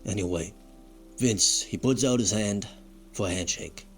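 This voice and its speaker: A man's voice: on the low side, measured pace, faint music behind. A man playing a crude, bitter fired wrestler who rambles and swears in a comedic monologue. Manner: foul-mouthed, rambling, self-pitying.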